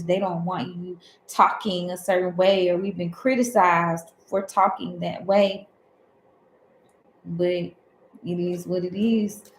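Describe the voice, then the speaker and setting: A woman's voice: medium pitch, roomy sound, a little hiss or hum, poor audio. A woman from Alabama with a Southern accent, giving a rambling, conversational spiritual talk as a tarot host.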